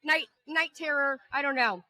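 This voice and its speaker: A woman co-host in casual chat, her voice bright and fairly high, dry with no room sound. She is jet-lagged and tells stories in a lively, profane way. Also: normal speed, dry recording. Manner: chatty storyteller, animated and profane. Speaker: podcast co-host. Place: indoors at a table.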